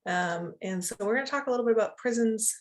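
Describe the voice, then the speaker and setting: A woman's voice: a little high, quick pace. A woman author casually introducing her book before a reading, with many filler words.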